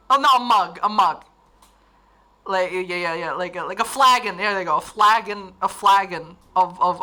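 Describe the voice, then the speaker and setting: A young woman from Northern Ireland, with a Northern Irish accent and a medium-pitched, pushed, bright voice, hosts a livestream. She chats casually and reads viewer comments, giggling and rambling with plenty of restarts.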